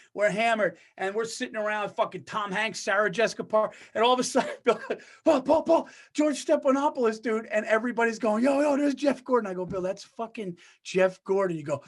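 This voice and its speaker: A man co-hosting a podcast in casual chat, telling animated stories, acting out quotes and swearing freely. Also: high-pitched. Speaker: podcast co-host.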